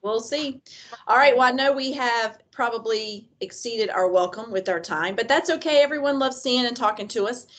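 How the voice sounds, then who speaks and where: Southern woman host, husky voice, cheerful school announcements. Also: fairly high pitch, normal speed. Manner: cheerful, encouraging, prompting. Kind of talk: casual chat on school announcements.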